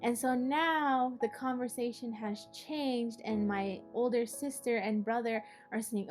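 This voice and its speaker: A woman's voice: a little high, steady tone, unhurried, few pauses, faint music behind. A young adult woman hosting an art session, telling a personal story in a casual way with many "like"s and "you know"s. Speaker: art project host and storyteller.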